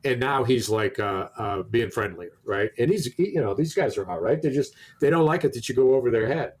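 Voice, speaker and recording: A man's voice: medium pitch, expressive, brisk, slightly rough. A man co-hosting a podcast, telling a long anecdote in casual chat with many restarts. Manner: rambling anecdote with many restarts, acts out quoted exchanges. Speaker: podcast co-host.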